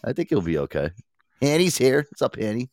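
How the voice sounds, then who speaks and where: Lively, profane male host. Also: mid-range voice, fairly quick, dry recording, studio quality. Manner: profane, rambling, laughing often. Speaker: radio show host. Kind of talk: casual chat.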